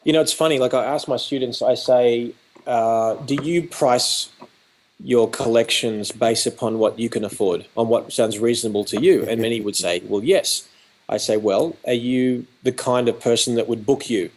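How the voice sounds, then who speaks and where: An Australian man speaks at a middling pitch in a chatty, storytelling way on a video call. He acts out little back-and-forth exchanges as he goes, like an educator walking someone through a lesson. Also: fairly even intonation, moderate pace, a little mellow. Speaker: photography educator. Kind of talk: animated conversational storytelling.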